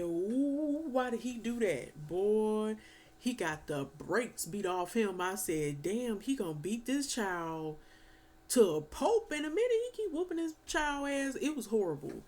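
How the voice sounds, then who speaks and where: Animated slangy woman reviewer. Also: mid-range voice. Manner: animated, slangy, swears and laughs. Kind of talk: casual film review chat.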